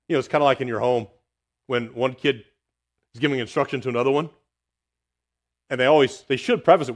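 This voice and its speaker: A man preaching a sermon, reading scripture aloud and dropping quiet and low for the words of God. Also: fairly quick. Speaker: pastor.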